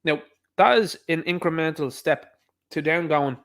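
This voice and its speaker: A man's voice: on the high side, unhurried, a bit bright. A man with an Irish accent delivering an opinionated monologue, emphatic and repetitive, firing off rhetorical questions. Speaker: online commentator.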